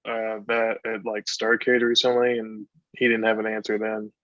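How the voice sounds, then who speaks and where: A man co-hosting a casual podcast chat, joking and breaking in quickly. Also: on the low side, completely flat delivery, fairly bright tone, no room sound. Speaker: podcast co-host. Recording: dull, dry lo-fi sound.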